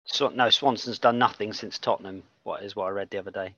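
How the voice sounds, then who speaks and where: A man's voice: on the low side, fairly even intonation, quick pace, a bit bright, no echo. A man co-hosting a casual football podcast, blunt and jokey, swearing freely and firing eager questions. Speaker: podcast co-host. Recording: dry, dull lo-fi sound.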